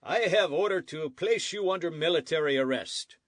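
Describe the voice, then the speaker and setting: A man's voice: a little high, normal speed, no room sound, voice pushed up, close to an everyday voice. A blunt army sergeant repeats his orders without budging, as a man puts him on for an audiobook. His speech is short and clipped, recorded dry and close. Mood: curt. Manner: curt, repetitive, matter-of-fact. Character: blunt, stubborn military sergeant.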